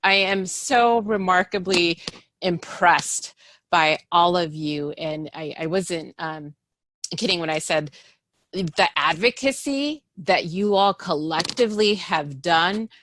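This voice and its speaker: Low-voiced woman, emotional. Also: a bit bright, no echo. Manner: emotional, pausing to compose herself. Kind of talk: emotional thank-you speech.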